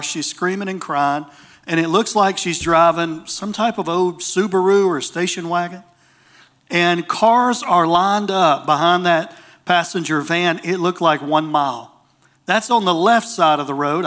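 A man telling a story from the pulpit, animated and acting out the voices of the people in it. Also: fairly high pitch. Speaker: preacher. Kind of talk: storytelling sermon.

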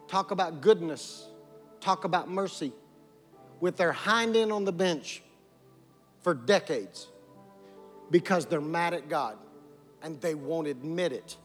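A pastor preaching a sermon, building repeated lines into emphatic calls and dropping low to press a point. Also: male voice. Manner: repetitive preaching cadence, rising to emphatic calls. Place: church sanctuary. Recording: long hall reverb with music.

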